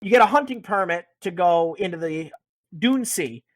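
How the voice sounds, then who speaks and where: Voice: medium pitch, animated, normal speed, no room sound. A speaker casually recapping a video game's story, rambling, joking and swearing a lot. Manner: profane, rambling, jokey. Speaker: podcast host.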